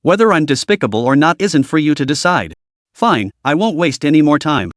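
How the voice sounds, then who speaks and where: Man voicing cold boss interrogating, menacing, slightly high pitch. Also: sing-song, a little fast, no room sound, studio quality. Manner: commanding, menacing. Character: commanding male leader, wolfish and menacing.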